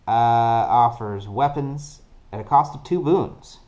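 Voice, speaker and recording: A man casually narrating a solo card game play-through, working things out deliberately and counting dice aloud. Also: mid-range voice, darkish tone, muffled recording. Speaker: board game player.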